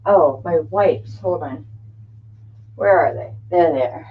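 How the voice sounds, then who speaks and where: A middle-aged woman with a low voice hosts a craft livestream. She chats unhurriedly, greets viewers by name and laughs easily. Her voice comes through a desk webcam mic with dull, lo-fi stream audio. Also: takes it slowly, slight background noise. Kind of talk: casual live-stream chat.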